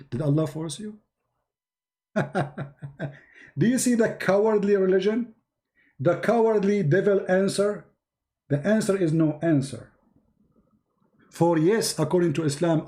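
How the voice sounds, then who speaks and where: Man hosting live debate, high-pitched, insistent, repeats himself, voice going hoarse. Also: darkish tone. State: losing his voice. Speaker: debate show host. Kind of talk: heated live-stream debate. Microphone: computer mic on live stream.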